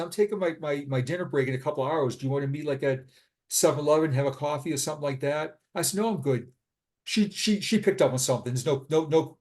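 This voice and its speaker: A middle-aged man, a retired police sergeant, telling his own story as an interview guest in an earnest, halting way, often repeating himself. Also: a little high, darkish tone. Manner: earnest, halting, with frequent repetitions. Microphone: remote call.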